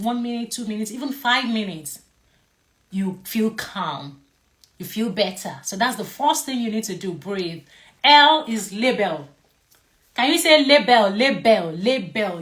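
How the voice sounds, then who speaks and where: A woman who teaches mental health to camera in a casual way. She is playful and emphatic, repeats key words and asks viewers to comment. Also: mid-range voice.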